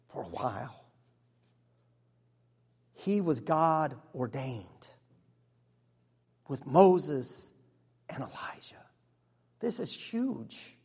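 A man playing an excitable disciple, high voice. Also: extremely slow, pauses often, breathy edge, full character voice. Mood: earnest. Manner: conversational storytelling with sudden hushes and bursts. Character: earnest, excitable male disciple of Jesus telling his story. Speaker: actor in a church monologue. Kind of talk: first-person dramatic monologue. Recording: long reverb of a large hall.

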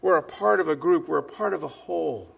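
A man preaching a sermon as a pastor, emphatic, with drops to soft asides. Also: fairly high pitch, fairly quick, gravelly, breathy edge.

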